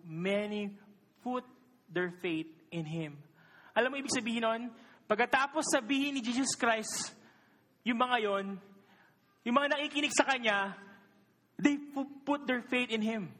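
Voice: medium pitch, moderate pace, fairly bright tone. Emphatic Filipino preacher in a reverberant hall. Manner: emphatic, questions the congregation, mixes Tagalog into English. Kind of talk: sermon. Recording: long reverb of a large hall.

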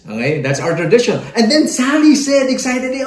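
A Filipino man preaching, telling a story in animated mixed Tagalog and English. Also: very high voice, normal speed, few pauses, reverberant. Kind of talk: sermon storytelling.

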